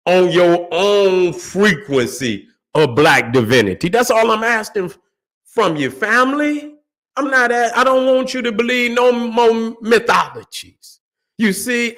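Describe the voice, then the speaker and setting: A man's voice: sits high, fairly bright tone. A man hosting his own channel, giving a profane, casual, preachy rant with fiery repetition. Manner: fiery, preachy, swears freely, repeats words. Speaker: channel host.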